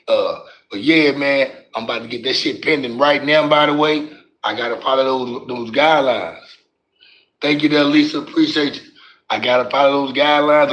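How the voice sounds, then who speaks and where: A man's voice: mid-range voice, fairly bright tone, poor audio. Profane, joking livestream host, man. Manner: profane, joking, trash-talking the chat. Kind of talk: casual livestream chat.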